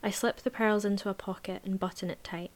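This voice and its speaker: A woman reading a novel aloud in a measured, even voice, then chatting casually about the book. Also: medium pitch. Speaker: book reviewer.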